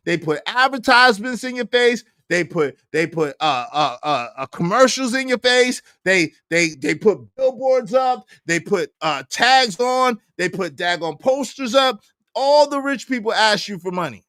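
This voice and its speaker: A man hosting a livestream, ranting in a heated, animated way and repeating his points. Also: sits high, unhurried, no room sound, clean studio sound. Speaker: livestream host.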